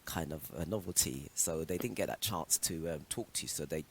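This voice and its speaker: English guy on radio, really deep voice, relaxed chatty back-and-forth, studio mic. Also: fairly quick, a little hiss or hum. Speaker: radio show co-host. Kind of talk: casual radio chat.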